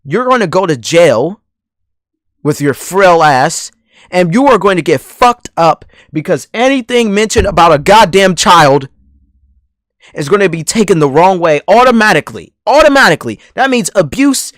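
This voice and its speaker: A man's voice: high voice, lively intonation, normal speed, fairly bright tone, no echo, studio quality. A man delivering a heated, profane call-out rant straight at someone, hammering the same points over and over. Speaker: commentary channel host.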